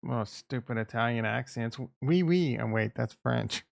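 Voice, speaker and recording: A middle-aged man with a gravelly, creaky voice hosts a casual livestream and rambles bluntly with plenty of crude asides. His voice sits at an ordinary pitch and is recorded dry and close, with no room sound. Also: completely flat delivery, normal speed, no room sound. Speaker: livestream host.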